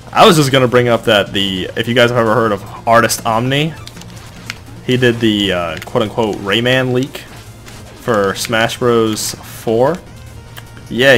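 A young man giving casual gameplay commentary, rambling and joking, with sudden excited outbursts when things go wrong. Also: fairly low pitch. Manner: excitable, rambling, shouts in bursts of frustration. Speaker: let's play gamer.

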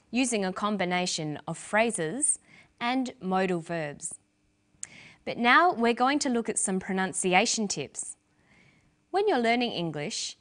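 A woman narrates an English lesson in a clear, measured teaching voice. Her delivery is scripted and careful, pitched at an everyday middle level. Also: fairly bright tone.

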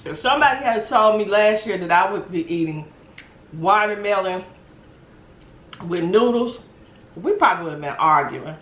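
A woman's voice: mid-range voice, lively intonation, normal speed, long pauses, fairly bright tone, roomy sound, dull audio, a little hiss or hum. A woman chatting casually to her viewers while eating noodles, humming between bites, playful and teasing. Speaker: vlogger eating on camera. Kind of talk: casual mukbang chat.

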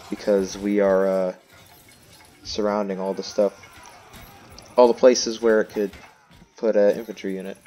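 A man's voice: lowish voice, mellow. A man giving casual gameplay commentary, thinking aloud and making self-mocking asides. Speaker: let's play host.

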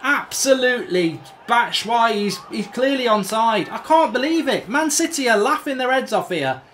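A high-voiced man with a wildly swinging pitch, exasperated and swearing as he commentates his own football video game. He groans and grumbles at his team over a faint hum in the background. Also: lively intonation, moderate pace, a bit bright. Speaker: gaming channel host. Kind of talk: live gameplay commentary.

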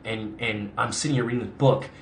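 A man's voice: on the low side, fairly even intonation, brisk, slight background noise. A young adult man answering viewer questions in a casual live stream, rambling with lots of "like" and restarts. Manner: chatty, rambling, frequent "like" and restarts. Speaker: actor hosting a live Q&A.

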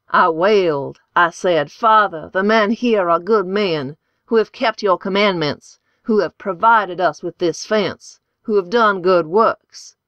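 A hoarse, fervent male preacher, as a woman narrator puts him on with a solemn, preaching cadence. He speaks slowly and deliberately. The audiobook sound is dry and a little dull. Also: on the low side, fairly bright tone, no room sound, voice pushed up. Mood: anguished. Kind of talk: audiobook character voice.

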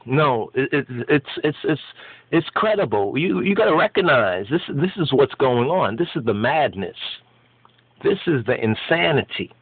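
A man delivers fervent spoken commentary in an everyday middle-pitched voice. He is emphatic and sermon-like, repeating and restarting phrases as he drives his points home. The sound is narrow and tinny, like a phone line, with no room around it. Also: very animated, moderate pace, breathy edge, dry recording. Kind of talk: impassioned spoken commentary on an article.

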